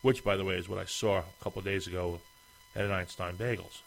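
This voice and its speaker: A man's voice: low-pitched, steady tone, quick pace, gravelly, slight background noise, poor audio. Man ranting through rhetorical questions. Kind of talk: opinion monologue.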